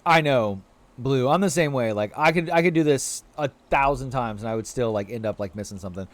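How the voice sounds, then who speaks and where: With a medium-pitched voice, a little fast and free of room sound, a man gives casual livestream commentary on a video game. He playfully addresses the creatures on screen, chats with viewers and slips in apologetic asides.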